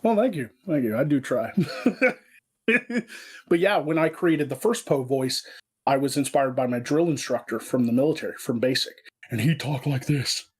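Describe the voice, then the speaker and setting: A man, a comedy creator, chatting in an interview and telling stories in an animated way. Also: medium pitch, normal speed, slightly rough. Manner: animated storyteller, slipping into voice impressions. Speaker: guest, online comedy creator. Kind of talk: casual interview chat.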